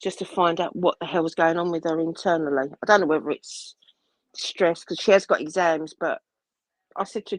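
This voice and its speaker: A woman's voice: fairly low pitch, moderate pace, dry recording, low-quality recording. A woman telling a family story in casual chat, rambling and acting out what people said. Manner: rambling, restarts often, acts out quoted dialogue. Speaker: guest telling a personal story.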